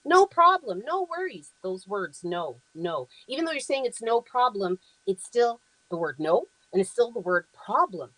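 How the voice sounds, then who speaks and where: A woman's voice: medium pitch, expressive, normal speed, hardly any pauses, fairly bright tone, no echo, rough recording. Woman talk show host, mid-range voice, earnest and affirming, conversational with plenty of ums, dry close sound. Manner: earnest, affirming, frequent ums, reads quoted phrases aloud.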